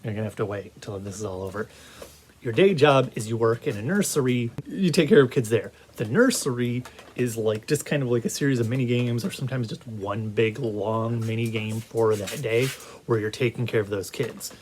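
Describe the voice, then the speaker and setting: A man rambling through a casual video game review in a mid-pitched voice. He talks with lots of energy and often breaks off to restart a thought. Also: normal speed, slight background noise. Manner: animated, rambling, many restarts.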